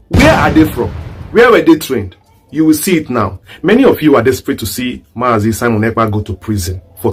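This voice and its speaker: A man's voice: a little high, breathy edge. A man from southeast Nigeria with a Nigerian accent, giving an online commentary monologue full of rhetorical, repeated questions. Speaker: political commentator.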